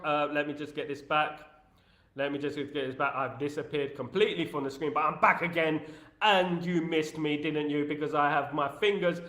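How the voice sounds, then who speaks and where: Energetic man ranting on a live stream. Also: a little high, moderate pace. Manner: energetic, opinionated ranting that greets viewers in the chat. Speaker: host of a fan live stream. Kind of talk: casual live-stream chat. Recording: roomy echo.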